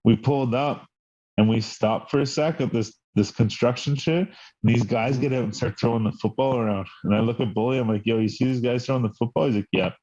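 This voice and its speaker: A man's voice: mid-range voice, fairly even intonation, fairly quick, warm tone. A young man co-hosting a podcast, telling a story in casual chat, swearing often, rambling, and acting out what people said. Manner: profane, rambling, acts out quoted dialogue. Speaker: podcast co-host. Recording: dull lo-fi podcast audio.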